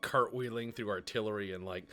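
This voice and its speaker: A man hosting a casual gaming session, joking around, swearing, and breaking into animated asides. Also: on the low side, brisk, faint music behind. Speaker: host of a gaming show.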